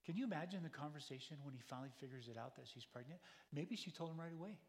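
A man's voice: a little high, racing. Man preaching in a reverberant hall. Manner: conversational, emphatic storytelling with rhetorical questions. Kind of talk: sermon.

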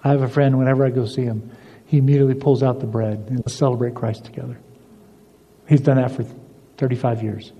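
Older pastor preaching, dark mellow voice. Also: male voice, mid-range voice, little pitch movement, quick pace, slightly rough. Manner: storytelling, shifts between emphatic and soft confiding delivery. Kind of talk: sermon. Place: church sanctuary. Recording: dull lo-fi recording in a reverberant church hall.

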